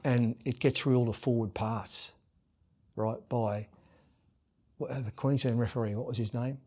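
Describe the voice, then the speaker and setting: A middle-aged man with an Australian accent, a guest in a podcast interview, telling lively stories and loudly acting out the voices of people he quotes. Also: medium pitch, moderate pace. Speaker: guest, former rugby league captain and coach. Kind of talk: animated storytelling in a podcast interview.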